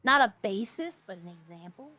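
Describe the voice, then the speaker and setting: A woman's voice: medium pitch, very animated, moderate pace, sharp tone. A woman streaming a game, chatting casually with viewers and thinking aloud in a rambling way. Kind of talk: casual gameplay chat to viewers.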